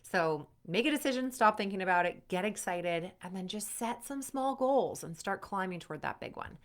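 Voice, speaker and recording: A woman performance coach talks athletes through facing their fears. Her delivery is upbeat and conversational, and she speaks straight to the viewer. She brings their inner voices to life by acting them out with lively emotion. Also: mid-range voice, normal speed. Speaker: sport psychology performance coach. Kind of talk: motivational coaching talk to camera.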